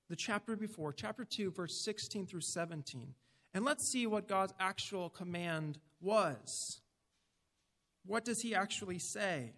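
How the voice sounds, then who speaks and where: A male preacher with a notably high voice delivers a sermon. He speaks earnestly and with emphasis, often turning to ask his listeners direct questions. His words carry a long, lingering reverb, as if spoken in a large hall. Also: a bit bright.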